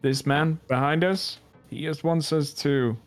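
A man's voice: on the high side, fairly even intonation, unhurried, faint music behind. A man playing in a tabletop game who speaks plainly and thinks aloud. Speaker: player. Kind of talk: tabletop role-play.

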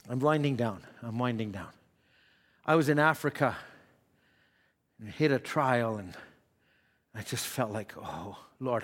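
A man preaching a sermon in a conversational way, repeating words and dropping to a low hush at reflective moments. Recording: long hall reverb.

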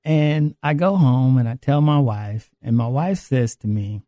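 A man's voice: mid-range voice, unhurried, dark tone, no room sound, clean studio sound. A man earnestly telling a personal faith testimony about his recovery. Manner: earnest, confessional storytelling. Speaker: guest sharing a recovery testimony.

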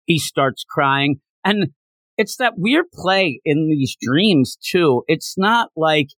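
A man co-hosting a podcast, chatting casually about a manga chapter and acting out characters' lines in quick voices. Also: on the high side, lively intonation, a bit bright, no room sound. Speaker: podcast co-host.

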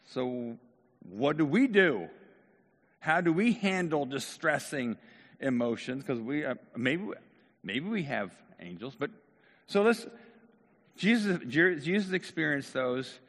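A man's voice: medium pitch, sing-song, unhurried, fairly bright tone. A man preaching a sermon, speaking in a conversational way and talking directly to his congregation. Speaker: pastor. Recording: long hall reverb.

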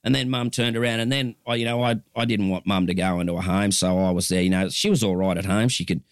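A man's voice: on the low side, steady tone, fast talker, smooth, no room sound, studio quality. A man in his fifties with an Australian accent, telling stories as a guest in a casual chat, rambling with restarts. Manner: chatty storyteller, rambling with restarts.

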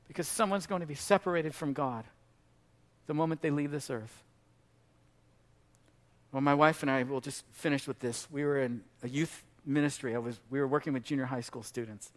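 A middle-aged man preaching a sermon as pastor, telling a story with animated delivery and shouting for emphasis. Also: medium pitch, moderate pace, pauses often.

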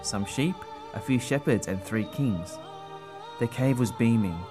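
A man narrating a storybook tale in a gentle, expressive way. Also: mid-range voice, measured pace, over music.

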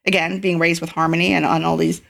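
A woman's voice: on the low side, little pitch movement, fast, vocal fry, fairly bright tone. A middle-aged woman from Ireland with an Irish accent, a guest in a casual interview, talking reflectively with many fillers and restarts.

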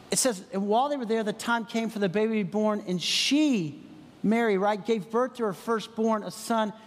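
A man preaching a casual, conversational sermon, acting out imagined dialogue between the characters. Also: high voice. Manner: conversational, acts out imagined dialogue in funny voices. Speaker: pastor. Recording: long hall reverb.

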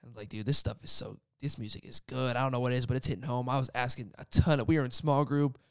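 Gravelly young man telling his story. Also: medium pitch, steady tone, fast, no room sound, clean studio sound. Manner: casual, rambling with many "like" fillers. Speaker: guest sharing a faith story. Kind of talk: casual testimony chat.

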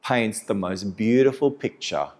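A man preaching a sermon with emphasis, repeating key phrases, swinging from loud passionate peaks to quiet, soft endings. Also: lowish voice, a little slow.

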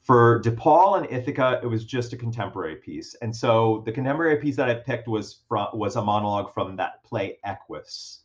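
A young man tells a story in an easygoing chat, full of fillers and restarts, at a mid-range pitch. He's animated and pokes fun at himself. The recording is a bit dull and lo-fi. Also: brisk, hardly any pauses. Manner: animated, self-deprecating, many fillers and restarts. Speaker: guest. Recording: dull lo-fi sound.

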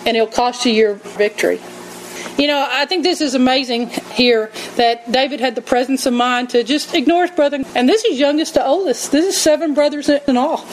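A woman preaching a sermon, telling stories in an animated way and acting out quotes. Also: sits high, fairly quick, slight background noise, rough recording. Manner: animated storytelling, acts out quotes, laughs often.

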